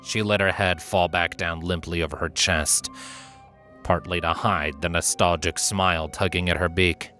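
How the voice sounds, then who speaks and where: A man reading a fanfiction story aloud with steady, dramatic narration. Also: low voice, normal speed, faint music behind. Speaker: narrator and reader.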